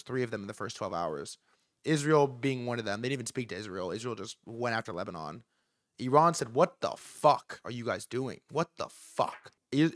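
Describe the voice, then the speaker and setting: A man's voice: medium pitch, dry recording, studio quality. A young man hosting a livestream, ranting casually and profanely while acting out what others said. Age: young adult. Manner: animated, profane, acts out quoted figures. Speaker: livestream host. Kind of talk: casual commentary rant.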